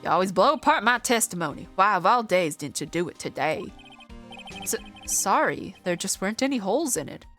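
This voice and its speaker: A woman voicing a gruff, hapless middle-aged male detective who talks in a mopey, mumbling way. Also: medium pitch, animated, a little fast, a bit bright, soft background music.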